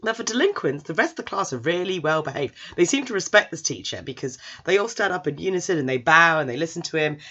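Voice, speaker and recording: Lively woman chattily recapping a story. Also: lowish voice, quick pace, hardly any pauses, breathy edge, lo-fi sound. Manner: animated, chatty, full of asides. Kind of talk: casual plot retelling.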